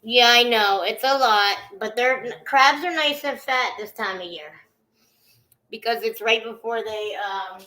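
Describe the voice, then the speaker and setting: A woman's voice: fairly high pitch, a little slow, sharp tone, roomy sound. A woman hosting a casual livestream from her home, chatting loosely and cursing now and then. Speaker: livestream host. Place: at home indoors.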